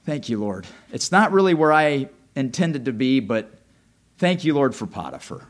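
A man's voice: medium pitch, big pitch swings, normal speed, lightly acted. A man voicing a humble young Hebrew man who talks in an earnest, prayerful way.

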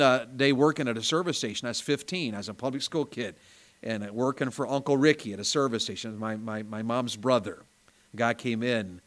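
In a small church mid-service, a medium-pitched man with a Tennessee Southern accent preaches. His story comes out folksy, shifting between quiet asides and rising, emphatic outbursts.

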